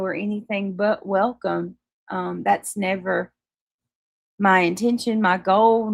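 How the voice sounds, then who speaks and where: A woman hosts a casual livestream and reads out viewer comments between friendly asides. Her voice has a gravelly, creaky texture and sits in a middle register. The sound is dry and close, with no room echo. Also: mid-range voice. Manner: chatty, apologetic, laughs easily, restarts often. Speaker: livestream host.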